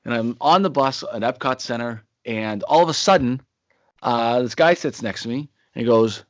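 A man's voice: mid-range voice, moderate pace, no room sound, dull audio. A man in his forties, a podcast co-host telling a long, rambling personal story in casual chat. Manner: rambling anecdotal storyteller, acts out quotes.

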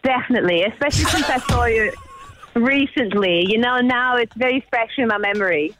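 A woman phoning in to a radio show, answering in a matter-of-fact way. Her voice sits a little high, and heavy noise runs under the phone line. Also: fairly quick. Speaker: phone guest, waitress. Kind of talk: phone-in chat.

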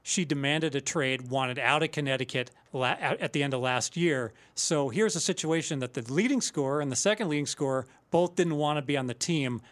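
Man, betting analyst, fairly high voice, matter-of-fact, lays out his picks plainly. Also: a little fast, hardly any pauses, fairly bright tone. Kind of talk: casual sports talk.

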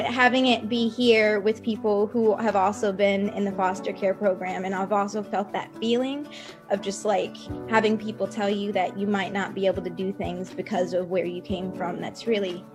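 A woman giving heartfelt thanks, her words halting as she speaks, with faint music underneath. Her voice sits at a middle pitch. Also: steady tone. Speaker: internship candidate. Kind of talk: emotional thank-you speech.

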